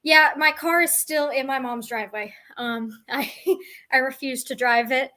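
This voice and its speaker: A woman's voice: high voice, steady tone, normal speed, pushed and bright. A young woman telling a personal story to her vlog audience, rambling and self-deprecating. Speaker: vlogger. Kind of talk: casual storytelling to camera.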